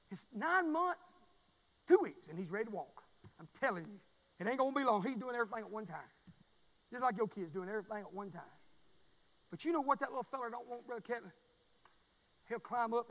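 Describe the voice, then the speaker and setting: A man preaching a fervent sermon in a church, repeating his phrases and swelling into loud pleas. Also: very high-pitched, lively intonation, fairly quick, pauses often, big-room sound, low-quality recording. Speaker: pastor.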